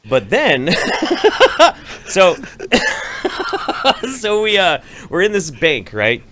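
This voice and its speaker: A man casually telling a long anecdote on a podcast, profane and animated, acting out voices as he goes. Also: high-pitched, drawn-out words. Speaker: podcast co-host. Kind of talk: casual storytelling chat.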